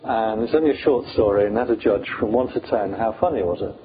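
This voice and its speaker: A British Buddhist monk with a lowish voice talks fast as he teaches meditation, keeping things chatty, funny, and full of fillers. Faint hiss and a tinny, phone-like quality color the audio.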